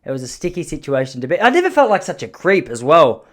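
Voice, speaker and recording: A man's voice: a little high, sing-song, fast. A man in his thirties with an Australian accent, hosting a podcast and telling a story in a loose, self-mocking way, often correcting himself mid-sentence. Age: 30s. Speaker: podcast host. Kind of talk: casual storytelling monologue.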